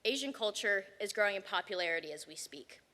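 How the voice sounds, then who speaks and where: A teenage girl giving a theatrical competition performance, swinging between hushed and shouted lines. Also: mid-range voice, animated, fast, in a large hall. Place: banquet hall.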